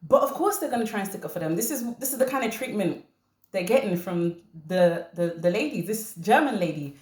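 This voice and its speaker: A woman hosting a commentary channel, talking to camera in an animated way and repeating her points for emphasis. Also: medium pitch, a little fast, echoey room. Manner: animated, laughing, emphatic repetition.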